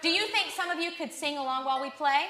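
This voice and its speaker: A woman's voice: high voice, fast talker, roomy sound, a crowd in the background. A young woman giving a live violin lesson to children, coaxing and encouraging them with questions. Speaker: violin teacher.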